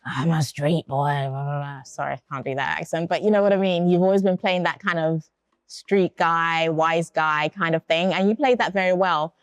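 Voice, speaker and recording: A woman's voice: lowish voice, normal speed, clean tone, no echo. A woman judging an acting contest, giving encouraging, direct coaching to contestants. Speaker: talent show judge. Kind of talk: giving performance feedback.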